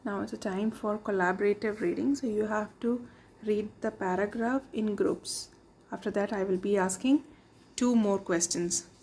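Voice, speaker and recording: A woman's voice: mid-range voice, fairly even intonation, moderate pace, a little mellow, reverberant, a little hiss or hum. A woman teaching a reading lesson in English with a South Asian accent, repeating her questions and praising answers.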